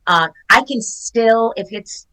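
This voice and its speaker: A woman's voice: a little high, takes it slowly, pushed and bright, poor audio. An older woman, an actress guest on a podcast, telling stories in casual chat and acting out quoted lines. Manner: chatty storyteller who acts out quotes.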